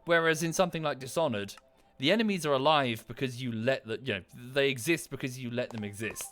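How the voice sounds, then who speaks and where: A man's voice: medium pitch, fast talker, fairly bright tone, soft background music. A man with a British accent chatting casually on a livestream while playing a game, rambling with enthusiasm and swearing freely. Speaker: streamer.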